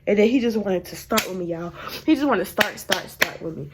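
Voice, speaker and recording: A young woman telling a casual storytime to her viewers, animated and laughing as she goes. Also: mid-range voice, brisk, slight background noise. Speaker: vlogger.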